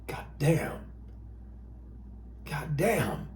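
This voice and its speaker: A grim, tough soldier under fire, played by a man, terse and muttering. His tone is dark and mellow, carried in a roomy echo. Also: very high voice, big pitch swings, moderate pace, pitched above the performer's own voice.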